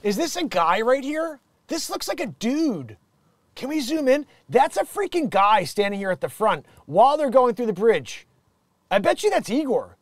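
Male comedy news host, high, lively voice, rambling jokey riffs. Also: normal speed. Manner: rambling, jokey, jumps between loud and muttered asides. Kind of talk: riffing comedy commentary on news.

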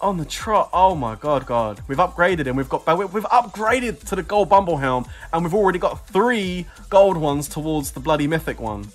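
A man streaming a game, excitable, whooping and laughing as rewards drop. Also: on the high side, normal speed, hardly any pauses, faint music behind. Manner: excitable, shouting and laughing at drops. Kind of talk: live game commentary.

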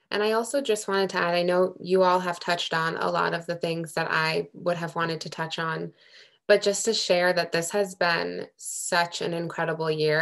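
A woman's voice: on the low side, vocal fry, fairly bright tone. A young woman from Amherst, Massachusetts, co-chair of a working group, giving earnest, emotional remarks at a public meeting with many restarts.

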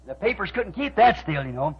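High-voiced man preaching on old tape. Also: sing-song, a little fast, slightly rough. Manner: storytelling, quoting both sides of conversations, rising to shouts. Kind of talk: sermon. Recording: dull lo-fi archive tape recording.

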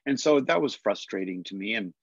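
An older man with a fairly low, lively voice tells a personal story as an interview guest, speaking briskly but hesitantly, often repeating himself and restarting. The recording is dry, with the highs cut off.

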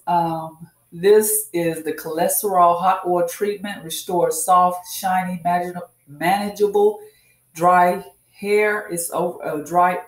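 Woman, chatty home tutorial, says y'all a lot, roomy echo. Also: on the low side. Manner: chatty, repeats herself, calls viewers y'all. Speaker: hair care vlogger. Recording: echoey room.

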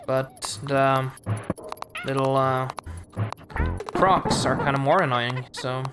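A woman's voice: a bass voice, fairly even intonation, slow. A woman streaming a game live, casually muttering and swearing at it as she plays. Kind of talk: casual gameplay commentary. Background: music playing.

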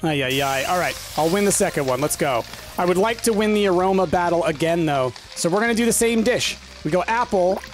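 A man narrating his own game playthrough in a let's-play style. He is excitable and self-deprecating, talks straight to his viewers and often breaks into frustrated yelps. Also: sits high, brisk. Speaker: gaming commentator. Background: game music.

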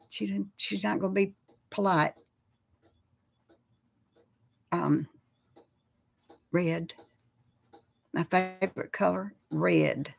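A woman's voice: fairly low pitch, fairly even intonation, slow, vocal fry, pauses often, husky. A woman hosting a casual live chat, talking with viewers and reading out their names. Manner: chatty, reads out viewer names.

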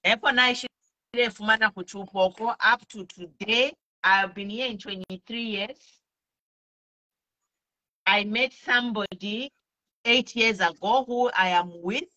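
Earnest Zambian woman, bright voice. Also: mid-range voice, unhurried, long pauses. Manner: earnest, pleading, switches languages mid-sentence. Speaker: speaker sharing testimony. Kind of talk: personal testimony mixing English and Bemba.

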